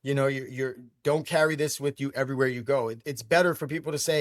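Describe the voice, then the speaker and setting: A middle-aged man from Brooklyn, telling his life story as an interview guest with emphatic, energetic delivery and frequent repeated words. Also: mid-range voice, fast, no echo, studio quality. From Brooklyn, New York. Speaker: franchise owner guest.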